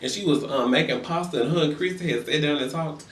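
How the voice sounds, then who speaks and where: A man's voice: fairly high pitch, fast. Sassy young man ranting gossip, echoey room. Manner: sassy, profane, acts out quoted voices. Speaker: vlogger recapping reality TV. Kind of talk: casual gossip rant. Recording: echoey room, far from mic.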